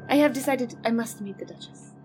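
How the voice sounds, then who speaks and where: A woman voicing an eager, scheming young woman who speaks in a hushed, coaxing way with a French flavor. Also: fairly high pitch, brisk, faint music behind, close to an everyday voice.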